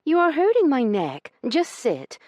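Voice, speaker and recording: A high, exclaiming young woman, sharp-tongued and easily flustered, as a male audiobook narrator puts her on. Her voice jumps up into shrill outbursts. The reading is close and dry. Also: huge pitch swings, measured pace, dry recording, heavily acted. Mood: exasperated.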